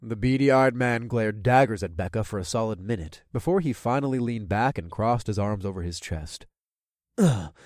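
A man narrating an audiobook in first person with expressive delivery. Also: on the low side, moderate pace, few pauses, no room sound, clean studio sound.

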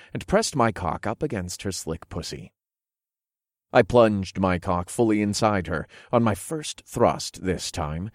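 A man narrating an erotic story in the first person, in a low, hushed, unhurried way, recorded close and dry. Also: no room sound.

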